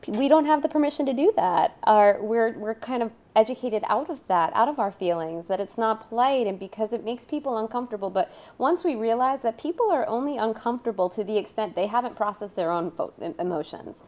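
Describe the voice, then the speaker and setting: A woman's voice: fairly high pitch, animated, fairly quick, hardly any pauses, darkish tone, muffled recording. Earnest woman podcast host. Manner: earnest, questioning, emphatic. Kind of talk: casual conversational interview.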